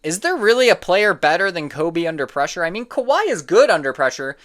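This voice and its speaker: A man's voice: high voice, sing-song, a little fast, fairly bright tone. A man giving casual reaction commentary on sports opinions, opinionated and prone to getting heated and exasperated. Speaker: sports content creator.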